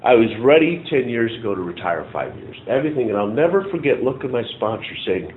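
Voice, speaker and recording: A middle-aged man telling his recovery story in a rambling, halting way, full of restarts. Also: medium pitch, sing-song, a little hiss or hum. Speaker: recovery meeting speaker. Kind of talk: personal testimony. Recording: tinny phone-like audio.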